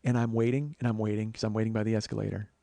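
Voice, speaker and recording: A man's voice: lowish voice, flat delivery, very fast, gravelly, dark tone, no echo. A man in his forties hosting a podcast, telling a long comedic personal story. He acts out both sides of the conversations and swears casually, with frequent restarts. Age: 40s. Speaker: podcast host.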